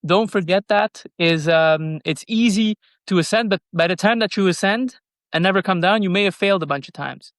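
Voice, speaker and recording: A man's voice: high-pitched, normal speed, a bit bright, no room sound, studio quality. A young adult man co-hosting a podcast in casual chat, thinking aloud and often stumbling and repeating words. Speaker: podcast co-host.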